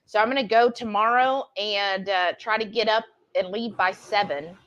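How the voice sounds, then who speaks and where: A woman co-hosting a home cooking livestream, gushing warmly as she reads out viewer comments. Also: medium pitch, moderate pace, highs cut off. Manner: bubbly, gushing over viewers. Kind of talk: casual chat, reading viewer comments. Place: home kitchen.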